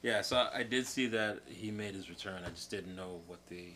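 A man's voice: lowish voice, moderate pace, noisy background. A man co-hosting a casual chat, laid-back and agreeable. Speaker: podcast co-host.

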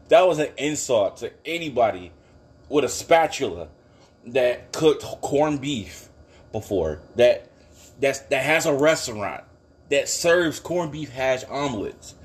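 A man hosting a casual solo podcast from his kitchen, rambling and swearing, breaking into bursts of laughing outrage. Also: fairly high pitch. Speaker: podcast host. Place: home kitchen.

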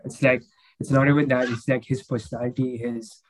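A man's voice: medium pitch, level tone, a little fast, low-quality recording. Rambling young man, full of fillers. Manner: rambling, heavy with fillers and restarts. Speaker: podcast guest. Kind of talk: casual emotional chat.

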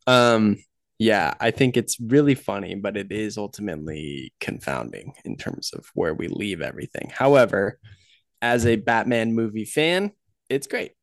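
A man's voice: lowish voice, very animated, no room sound, clean studio sound. A man co-hosting a podcast, casually summarizing a movie's ending and reading out a review. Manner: measured, summarizing plot and reading quotes. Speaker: podcast co-host.

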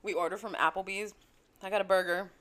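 A young woman chatting casually as a podcast co-host, telling profane stories with lively quoted voices. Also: medium pitch, fast. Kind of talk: casual chat.

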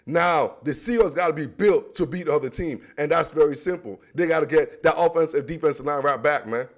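A man from the Washington, D.C. area hosting a sports podcast, talking football in a loose, slangy, animated way and repeating himself often. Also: on the high side. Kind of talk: casual sports talk.

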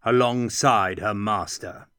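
A man's voice: lowish voice, slow pace, sharp tone, clean tone, no echo, clean studio sound. A man voicing a cold, suspicious nobleman who interrogates curtly and gives stern commands. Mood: cold commanding.

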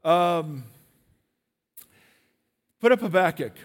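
A man preaching a sermon in a church, animated and questioning his listeners directly. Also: high-pitched, extremely slow, in a large hall.

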